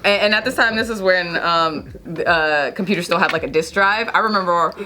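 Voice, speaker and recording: A woman's voice: on the low side, a little fast, crowd noise. A woman from New York telling brash, profane stories as a podcast guest, laughing often. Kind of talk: casual podcast chat.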